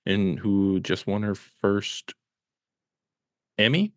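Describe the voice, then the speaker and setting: A man's voice: on the low side, drawn-out words, dry recording. A man co-hosting a casual podcast, hesitant and laughing, with many ums. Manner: hesitant, laughing, full of fillers. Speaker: podcast co-host.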